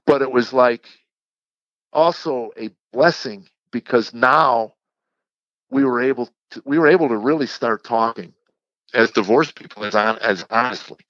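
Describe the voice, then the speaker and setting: A man, a comedian guest on an interview show, telling a candid personal story in a halting, reflective way with frequent restarts. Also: mid-range voice, a bit bright, no echo. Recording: dull lo-fi sound.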